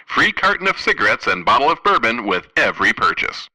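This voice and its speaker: A man's voice: mid-range voice, sing-song, brisk, sharp tone, heavily acted, rough recording. A man playing a pompous retired army captain and announcer in a 1930s-style radio comedy, with an old-time announcer delivery. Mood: salesy.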